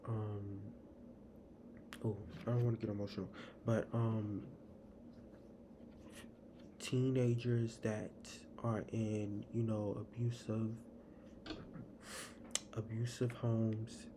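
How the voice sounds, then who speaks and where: A young man hosting a live podcast, talking in a rambling, casual way. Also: lowish voice. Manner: rambling, casual, fillers and restarts. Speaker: podcast host. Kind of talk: solo podcast monologue. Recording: noisy live stream audio.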